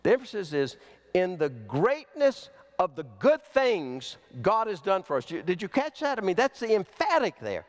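A man preaching a sermon as pastor, slow and emphatic, with big swings in pitch. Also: wildly swooping pitch. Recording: long hall reverb.

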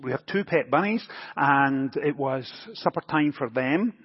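Husky-voiced pastor in a reverberant church. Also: male voice, medium pitch, animated, a little slow. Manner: anecdotal, gently humorous storytelling. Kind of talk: sermon. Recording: dull recording with long church reverb.

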